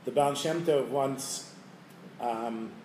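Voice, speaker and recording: A man's voice: medium pitch, slow pace, a little hiss or hum. Man telling a Hasidic tale in class. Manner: lively storytelling, chuckles. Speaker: Torah teacher. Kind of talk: storytelling Torah class. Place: room with listeners. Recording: roomy room, faint ambience.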